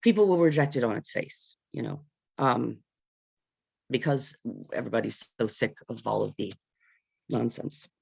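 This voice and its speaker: A panel speaker in an unscripted discussion who talks earnestly and haltingly, searching for words with many fillers and nervous laughs, heard over a video call. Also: mid-range voice, expressive, gravelly, a little mellow, slightly rough, no room sound.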